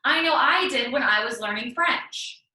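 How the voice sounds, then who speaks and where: A woman's voice: a little high, animated, moderate pace, pushed and bright, reverberant, far from the mic, rough recording. A woman teaching an English class, explaining patiently and reassuringly step by step. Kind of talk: online class lesson.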